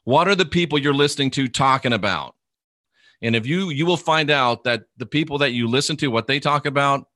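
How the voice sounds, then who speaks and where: A middle-aged male minister preaching to a livestream audience in an emphatic, repetitive cadence, stretching out words and even spelling them. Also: medium pitch, dry recording, clean studio sound.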